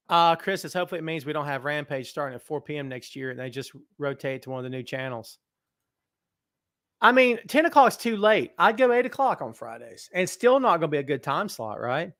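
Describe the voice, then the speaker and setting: A man hosting a wrestling talk stream, reading viewer comments aloud and talking to his audience with animated, self-mocking chatter. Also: fairly high pitch, fairly quick, dry recording, studio quality. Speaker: host.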